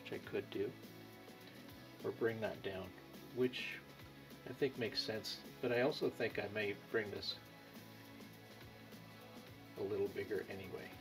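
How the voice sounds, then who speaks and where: A man giving an unhurried painting lesson, thinking aloud as he works, with pauses. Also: on the low side, steady tone. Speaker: painting instructor. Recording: music playing behind.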